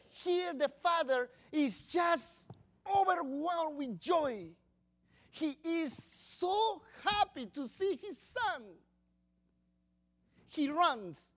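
A man preaching a sermon, swinging between loud bursts and quiet asides. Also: extremely high pitch. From Latin America.

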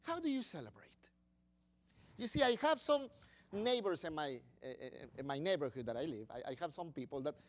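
A male preacher delivers a lively sermon. His pitch rises and falls widely, moving between loud, emphatic bursts and quiet, confiding asides. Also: fairly quick. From Latin America.

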